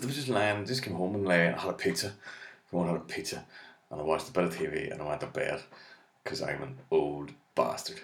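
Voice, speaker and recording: A man with an Irish accent doing a rambling, profane stand-up monologue in a deadpan manner. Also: sits low, brisk, creaky. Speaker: comedian. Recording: echoey room.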